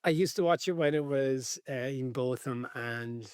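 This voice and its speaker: A man from Ireland co-hosting a casual podcast, telling stories in a relaxed, wry way. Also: medium pitch, moderate pace, smooth, no room sound, studio quality. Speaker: podcast co-host. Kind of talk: casual chat.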